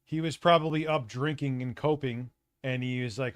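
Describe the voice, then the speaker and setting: A man's voice: medium pitch, fairly even intonation, moderate pace, dry recording. A man hosting a live stream, commenting on a clip in a sarcastic, crude, casual way. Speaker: streamer host.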